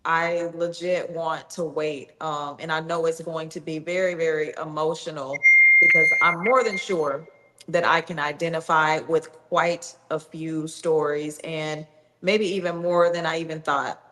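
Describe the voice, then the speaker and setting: Upbeat woman livestream host, slightly low voice, echoey video-call sound. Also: steady tone, a little slow, very noisy. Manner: upbeat, encouraging, salesy. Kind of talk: hosting a live book promotion.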